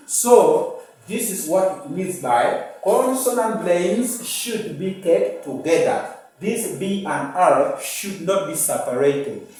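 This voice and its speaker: A male teacher with an East African English accent slowly works through a phonics lesson, repeating each word and sounding out its syllables. His voice sits fairly high and the pace is unhurried. He is recorded from a distance in a strongly echoing room. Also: darkish tone. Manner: repeats words and rules patiently, sounding out syllables. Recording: echoey room, mic at a distance.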